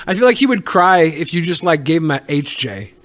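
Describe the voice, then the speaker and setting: A man's voice: fairly high pitch, big pitch swings, a little fast, fairly bright tone. A man co-hosting a live online show, teasing his guests and laughing a lot in casual banter. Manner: joking, giggly, teasing. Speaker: co-host.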